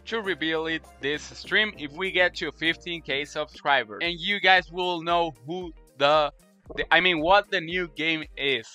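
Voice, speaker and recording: A man streaming a game live, talking to his chat in an excitable way, repeating himself and gushing thanks. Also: on the high side, unhurried, soft background music. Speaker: Roblox streamer.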